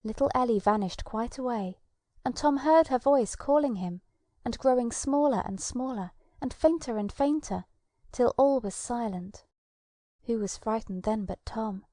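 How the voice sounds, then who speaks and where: A woman reads a children's storybook in a mellow, soft-edged voice, gentle and storytelling. She sits close to the mic in a dry space with no room sound. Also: a little high, unhurried, no echo. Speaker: audiobook narrator. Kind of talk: scripted narration of a children's storybook.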